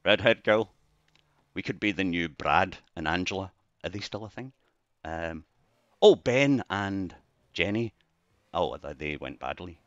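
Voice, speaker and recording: A Scottish man rambling casually to camera, jokey, with sudden bursts of excitement between mumbled asides. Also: low voice, unhurried, long pauses, dry recording. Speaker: vlogger. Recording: dull lo-fi dry recording.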